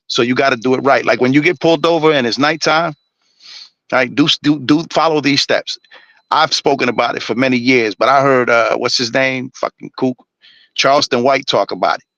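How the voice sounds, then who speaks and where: A man's voice: mid-range voice, moderate pace, fairly bright tone, no room sound, dull audio. A man ranting on a live stream, blunt and preachy, swearing constantly. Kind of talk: profane ranting monologue.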